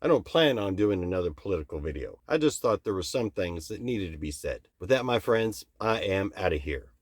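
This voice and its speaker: Blunt, cursing American host venting his opinions; lowish voice, dry close sound. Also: big pitch swings, brisk, no echo. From United States. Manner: blunt and profane. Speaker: channel host. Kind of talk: opinion rant to camera.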